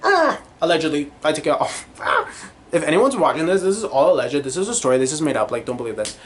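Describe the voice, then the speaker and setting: A man's voice: on the high side, quick pace. A young man hosting a podcast, rambling through a casual monologue full of tangents, fillers and giggles. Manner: tangent-prone, giggly, animated, lots of fillers. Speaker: podcast host.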